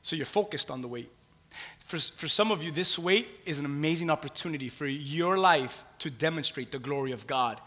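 Preaching with passion at a fairly high pitch and a brisk pace, a pastor alternates hushed, intimate lines with loud, climbing calls. He repeats phrases in rhythm and calls for the congregation to respond.

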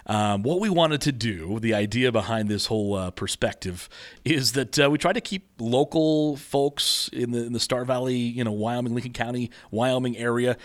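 A man's voice: mid-range voice, moderate pace. A man co-hosting a podcast, talking casually with lots of fillers and restarts. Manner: rambling, teasing, many fillers and restarts. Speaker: podcast co-host and competition organizer.

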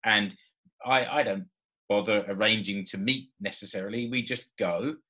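A man's voice: on the low side, moderate pace, pushed and bright. A man in his forties, a podcast co-host telling a personal story in casual chat, laughing often and restarting his sentences. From Britain. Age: 40s.

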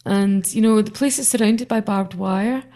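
A woman's voice: mid-range voice, moderate pace, warm tone. A woman politician chatting in an interview, telling anecdotes animatedly and mimicking other people's voices. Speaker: member of parliament. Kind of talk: casual interview chat.

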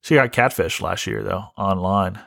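A man's voice: sits low, moderate pace, gravelly, sharp tone, dry recording, clean studio sound. A man hosting a comedy podcast, ranting in a rambling, profane way with many restarts. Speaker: podcast host. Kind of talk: casual comedic rant.

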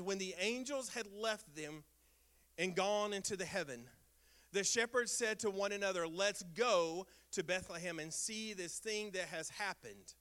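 Bright, high-voiced male pastor preaching. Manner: emphatic preaching with repeated refrains, swinging between loud bursts and soft lines. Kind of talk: sermon.

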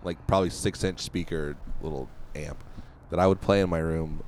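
A man's voice: very deep voice, fairly even intonation, moderate pace, a little mellow, a little hiss or hum. A man cohosting a podcast, rambling casually and laughing easily. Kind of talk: casual chat.

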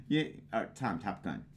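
A man co-hosting a boozy chat show, already tipsy. His voice is lively and rides up and down freely. He talks in loose, profane, chuckling banter. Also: lowish voice. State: tipsy from drinking. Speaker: podcast co-host. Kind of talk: casual drinking-show banter.

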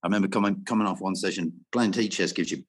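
A man's voice: low-pitched, fast, husky. A man in a casual interview, telling rambling stories about music and travel, swearing freely and laughing often. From Wales. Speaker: guest musician.

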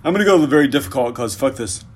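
A man's voice: mid-range voice, animated, rapid-fire, darkish tone. A man co-hosting a casual podcast, answering trivia with sarcastic jokes and frequent swearing. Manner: sarcastic, swears freely, joking. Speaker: podcast co-host answering quiz. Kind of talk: casual chat.

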